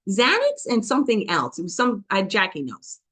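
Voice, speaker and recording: A woman giving a personal testimony, talking quickly and passionately, often checking in with "okay?" and acting out voices as she tells her story. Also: medium pitch, slightly rough. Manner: animated storytelling with quoted dialogue. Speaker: business testimony speaker.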